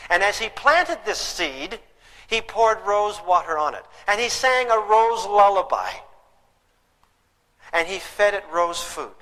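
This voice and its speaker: A man's voice: high-pitched, sing-song, a little slow, a bit bright. An older man giving a live parenting lecture, telling stories emphatically and putting questions to his audience. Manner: asks the audience rhetorical questions; storytelling, emphatic. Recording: long hall reverb.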